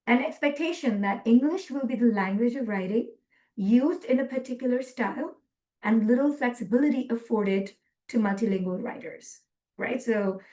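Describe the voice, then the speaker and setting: A woman presenting a webinar lecture from slides, earnest and measured, with frequent ums. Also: a little high, warm tone.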